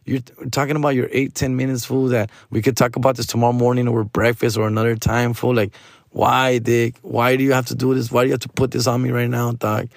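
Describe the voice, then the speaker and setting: A man's voice: medium pitch, fast, gravelly, no echo, clean studio sound. A man hosting a podcast, ranting casually about a friend and mixing in Spanish slang. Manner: animated, mixes in Spanish slang, acts out his friend's nagging. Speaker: podcast host. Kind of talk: casual storytelling rant.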